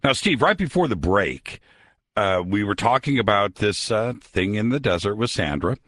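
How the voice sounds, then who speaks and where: A man hosting a late-night radio talk show from a studio, introducing his guest and asking him questions with energetic promo-style delivery. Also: on the low side, moderate pace.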